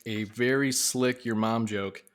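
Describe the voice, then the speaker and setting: A man's voice: mid-range voice, fairly even intonation, a little slow. A man co-hosting a casual book podcast, joking and laughing often as he acts out quotes in a mock-tough way. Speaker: podcast co-host.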